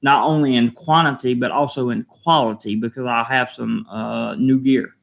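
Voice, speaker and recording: A man hosting a live stream, reading viewer comments aloud, emotional and halting, repeating himself and choked up. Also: medium pitch, fairly even intonation, vocal fry, lo-fi sound.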